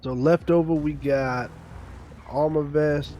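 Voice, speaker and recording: Male player, dry delivery, clear background noise on the mic. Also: fairly high pitch, fairly even intonation, takes it slowly, dark tone, lo-fi sound. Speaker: fellow player. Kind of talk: casual chat.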